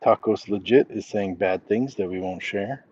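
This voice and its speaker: Chill middle-aged guy streaming on a night walk, kinda low voice, little bit of outdoor noise. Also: a little mellow, lo-fi sound. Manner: laid-back, chuckling, drawn-out phrasing. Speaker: livestream host. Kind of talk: casual livestream chat, reading comments aloud. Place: outdoors at night, crickets around.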